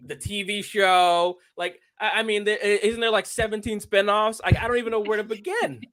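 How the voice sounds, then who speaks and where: Excitable young man, rather high voice. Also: normal speed. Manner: animated, excitable, many restarts and fillers. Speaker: livestream co-host. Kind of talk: casual chat.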